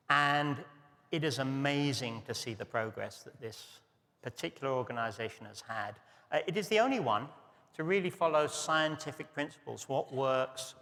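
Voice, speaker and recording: An older man speaks with a bright, forceful tone into a podium mic, his voice trailing a long reverb through a large banquet hall. He talks in a chatty, self-deprecating way and peppers his sentences with "uh". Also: mid-range voice. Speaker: professor of psychiatry, guest speaker. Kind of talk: luncheon speech with slides.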